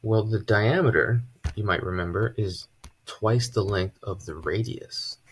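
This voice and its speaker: A man teaching a casual math lesson at a board, relaxed and chatty, with joking asides. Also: on the low side, unhurried, slight background noise. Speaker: math tutor.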